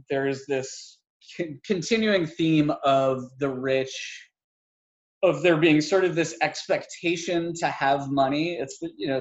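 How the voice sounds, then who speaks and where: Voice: medium pitch, a little mellow, highs cut off. A podcast co-host in a casual film review chat, rambling with lots of filler words and frequent laughs.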